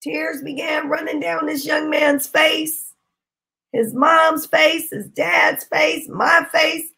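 A woman preaching a sermon, telling a testimony with impassioned shouting bursts. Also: sits high, steady tone, slow, gravelly. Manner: impassioned, shouting bursts, Southern-style speech.

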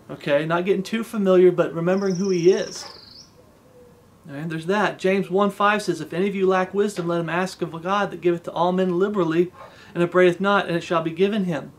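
A man's voice: high voice, steady tone, a little fast. A man giving an informal devotional sermon in an earnest, conversational way, reciting old-style scripture and often checking in with his listeners. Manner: recites King James scripture aloud. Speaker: preacher.

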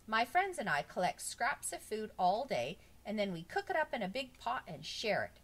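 A carefree, sockless homeless man, put on by a woman reading aloud, answering a class's questions in a bouncy, matter-of-fact way. His voice sits a touch higher and louder than plain narration and rises and falls freely across a wide range. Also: very animated, moderate pace. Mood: easygoing. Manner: matter-of-fact, bursts into shouting. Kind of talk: storybook read-aloud.

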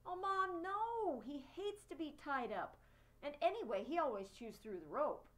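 A woman voicing an excitable young boy in a children's storybook reading, cross and pleading. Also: medium pitch, normal speed.

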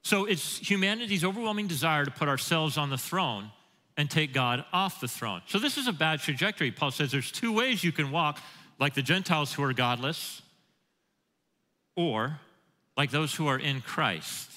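A man's voice: on the high side, expressive, normal speed, sharp tone. A man preaching a sermon as pastor, emphatic, quoting scripture and putting questions to the congregation. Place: church sanctuary. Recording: church hall with long reverb.

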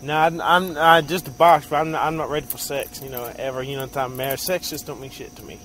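A vlogger drives around at night, talking in a crude, rambling, profane way, with night insects and road noise audible outside the car. His mid-range voice is fast with fairly even intonation.

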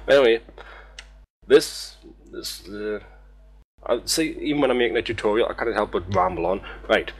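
A man's voice: on the low side, expressive, normal speed, long pauses, husky. A man talking through a game tutorial in a casual, rambling, sweary way, poking fun at himself. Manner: rambling, sweary, self-mocking. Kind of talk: casual screen-recorded tutorial.

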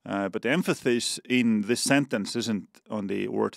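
A man with an Estonian accent, a defense official, explaining policy as a podcast guest in a deliberate way with many fillers and restarts. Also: lowish voice, fairly even intonation, vocal fry, dry recording, studio quality.

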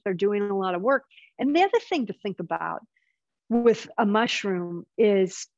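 A woman's voice: mid-range voice, dry recording. An American woman giving a casual, chatty live online presentation over a video call. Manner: chatty, apologetic through tech glitches. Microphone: video call setup. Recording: dry, slightly muffled video call audio.

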